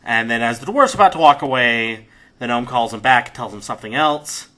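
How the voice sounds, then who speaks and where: A man narrating a tabletop game as game master in a relaxed, conversational way. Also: medium pitch, a little fast, poor audio.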